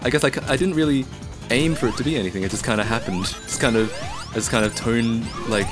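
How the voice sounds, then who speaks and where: A man's voice: medium pitch, fast, over music. A man from Australia chatting casually on a live stream, rambling as he reads and answers the chat.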